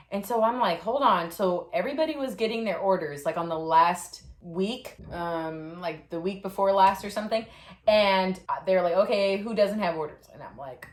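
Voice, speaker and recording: A young woman in her twenties casually telling stories and giving tips about basic training, chatty and animated with lots of fillers. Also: mid-range voice. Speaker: vlogger sharing Air Force basic training experience. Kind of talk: casual storytelling and tips to camera. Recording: echoey room.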